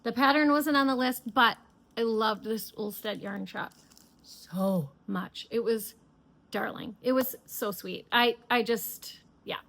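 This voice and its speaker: A woman's voice: a little high, takes it slowly, gravelly, a bit bright. A middle-aged woman hosting a knitting podcast, chatting casually and enthusiastically with many fillers and restarts. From United States. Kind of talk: casual chat.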